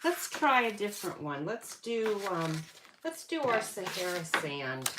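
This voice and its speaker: This woman's medium-pitched voice is sing-song and measured as she runs a card-making tutorial from her craft table. Chatty and casual, she thinks aloud, self-corrects and laughs at herself, with loud noise in the background.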